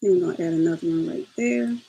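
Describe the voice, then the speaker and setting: A woman's voice: fairly low pitch, quick pace, creaky, warm tone, a little hiss or hum, poor audio. A woman hosting a casual step-by-step craft tutorial, chatty and laughing as she talks to her viewers.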